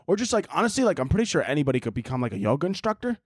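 Profane, sarcastic man with lively pitch. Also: rapid-fire, slightly rough, no echo, clean studio sound. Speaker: podcast host. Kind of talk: casual advice segment.

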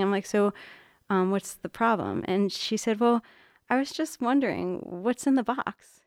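A woman's voice: medium pitch, a little slow, no echo, clean studio sound. A middle-aged woman, a mother and art teacher, telling a long story in casual chat and acting out the voices she quotes. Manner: animated storyteller, acts out quotes.

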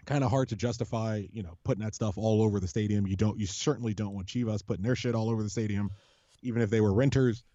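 Podcast guy rambling fan stories, lots of restarts and cussing, dark mellow tone, kinda muffled audio. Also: lowish voice, fairly even intonation, fast talker, dry recording. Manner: rambling, swearing, storytelling with many restarts. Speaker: podcast co-host, supporters' group leader. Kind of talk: casual podcast chat.

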